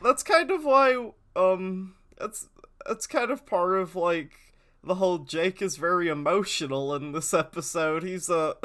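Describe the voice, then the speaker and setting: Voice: mid-range voice, a bit bright. A podcast co-host in casual chat, making jokey asides about a cartoon episode. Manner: chatty, jokey, quick asides.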